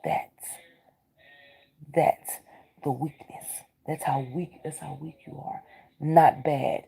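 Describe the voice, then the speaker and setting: A woman's voice: deep voice, steady tone, slow, vocal fry, long pauses, mellow, husky, low-quality recording. A woman giving a spiritual card reading, talking urgently like a preacher and often dropping into a whisper. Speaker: tarot reader.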